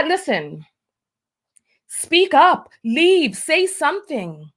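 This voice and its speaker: A middle-aged woman hosting a talk show, delivering an emphatic opinion monologue that hammers on repeated rhetorical questions. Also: high-pitched. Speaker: show host.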